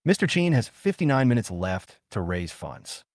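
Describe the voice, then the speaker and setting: A man's voice: mid-range voice, big pitch swings, normal speed, no room sound, studio quality, lightly acted. A man voicing a cold, businesslike woman executive who speaks in a curt, formal, matter-of-fact way in a story recap.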